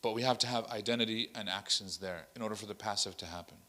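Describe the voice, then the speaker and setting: A man's voice: lowish voice, fast, sharp tone, big-room sound. A man, an imam, leading a workshop lecture, telling stories animatedly and acting out what people said, with Arabic phrases mixed into his English. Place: large hall at an Islamic center.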